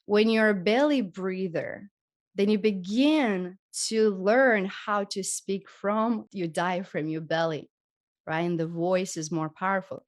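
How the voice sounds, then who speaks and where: A woman from Europe leading a live group healing session, speaking gently and encouragingly as she demonstrates breathing and voice techniques. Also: medium pitch, takes it slowly. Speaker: spiritual healing teacher. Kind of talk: live group workshop teaching.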